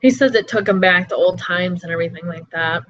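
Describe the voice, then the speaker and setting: A woman's voice: fairly low pitch, a little fast, fairly bright tone, slight background noise. A woman hosting a wrestling show, casually recapping an interview in a rambling way, full of fillers. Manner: rambling, with many fillers like "everything like that". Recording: slightly dull lo-fi audio.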